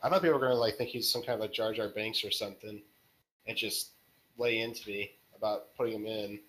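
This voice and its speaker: A male podcast guest talks about his own stories in a relaxed, joking way. He keeps undercutting himself with quick self-deprecating jokes. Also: lowish voice, rough recording. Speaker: podcast guest, story author. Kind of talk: casual interview chat.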